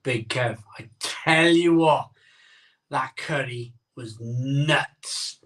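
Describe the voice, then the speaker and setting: A man's voice: mid-range voice, very slow, fairly bright tone, distant mic. Chatty man, mouth burning from chili. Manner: rambling, self-interrupting, chatty. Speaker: host of a live beer-tasting stream. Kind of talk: casual live-stream chat. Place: home room, streaming live.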